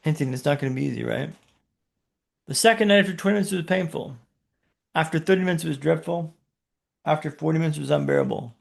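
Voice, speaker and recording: A man's voice: on the high side, quick pace, creaky, long pauses. A man, a podcast guest, telling a dramatic personal story in punchy short phrases with rhetorical questions.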